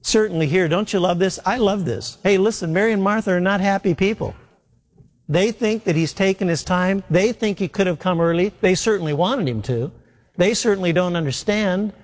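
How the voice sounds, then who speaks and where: A man's voice: high voice, normal speed, in a large hall. A man preaching a sermon in an earnest way, repeating his key phrases for emphasis.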